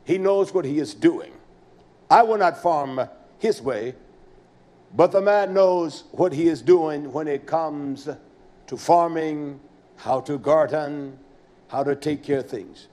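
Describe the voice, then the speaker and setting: A preacher with a fairly high voice delivers a folksy sermon. He swings between loud, emphatic outbursts and quiet, dropped asides. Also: takes it slowly.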